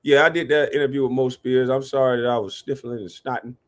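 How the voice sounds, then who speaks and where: A man hosting a live reaction stream, talking animatedly, cursing and giving shout-outs to his chat. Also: medium pitch, steady tone, fast talker. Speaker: livestream reaction host.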